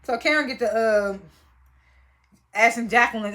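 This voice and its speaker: A young woman speaking at normal speed in a mid-range voice recaps a reality show in a casual way. Blunt, animated and full of swearing, she re-enacts quotes from the cast.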